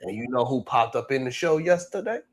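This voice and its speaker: A man hosting a comedic show, recapping online drama in an animated, laughing storytelling way. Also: medium pitch, a little fast. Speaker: host.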